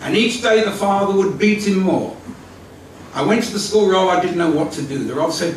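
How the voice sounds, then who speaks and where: An older man tells a story to a gathered audience, his high voice rising and falling in lively swings. He sounds distant and echoes strongly off a large hall, with a faint murmur of room sound behind him. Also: moderate pace, slight background noise. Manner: vivid storytelling with acted-out quotes, lively. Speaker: speaker at a community evening, former school leader. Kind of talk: storytelling talk. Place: large hall at an evening event.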